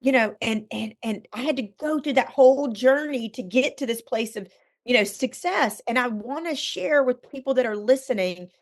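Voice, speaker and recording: A woman's voice: a little high, normal speed. A middle-aged woman, a guest author on a podcast, telling a candid personal faith story with earnest emphasis.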